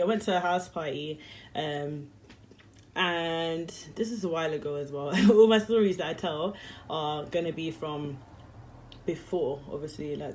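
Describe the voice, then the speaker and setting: A woman's voice: fairly low pitch, a little hiss or hum. A young woman telling a story to camera in a rambling, slangy, chatty way and laughing easily. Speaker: vlogger.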